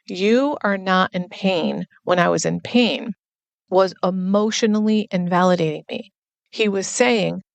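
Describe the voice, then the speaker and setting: Gravelly-voiced woman in earnest monologue. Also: mid-range voice, no room sound. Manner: earnest, explanatory. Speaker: podcast host and recovery coach. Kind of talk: personal reflective monologue.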